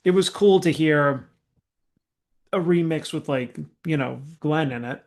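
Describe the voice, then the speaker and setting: A man's voice: a little high, unhurried. A man co-hosting a casual music podcast, giving a rambling, hesitant rating of a track with many fillers. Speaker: podcast co-host. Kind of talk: casual chat, album review.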